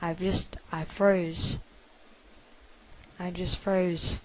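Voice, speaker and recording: Woman, first-person confession, slow halting delivery, somewhat low voice, repeats herself. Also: flat delivery, low-quality recording. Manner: halting, hushed storytelling with many repetitions.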